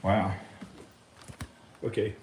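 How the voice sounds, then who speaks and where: A man's voice: drawn-out words, a little mellow. A man vlogging in a rambling, profane monologue, talking into a handheld microphone. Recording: roomy, mic held far off.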